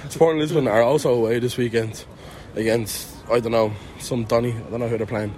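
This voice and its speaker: A man's voice: mid-range voice, fairly even intonation, fairly quick, darkish tone, slight background noise. Young Irish man, jokey travel banter. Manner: jokey, self-mocking banter. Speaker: podcast co-host. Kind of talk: casual travel chat. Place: outdoors and in an airport, walking through a city.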